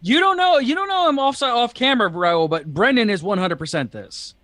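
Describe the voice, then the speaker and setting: A man's voice: very high-pitched, expressive, brisk, a bit bright, no room sound. A man co-hosting a podcast, chatting casually and jokingly with loose fillers. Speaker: podcast co-host. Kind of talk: casual chat.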